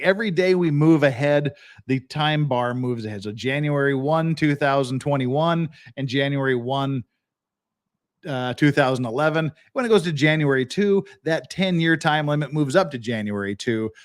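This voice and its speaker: Animated man hosting a live legal stream. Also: fairly high pitch. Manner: animated, joking, chatty with chat. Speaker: podcast host.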